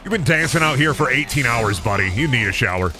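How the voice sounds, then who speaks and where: A man's voice: mid-range voice, animated, quick pace. Joking, profane male game streamer. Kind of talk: casual gameplay commentary. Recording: voice over loud game music.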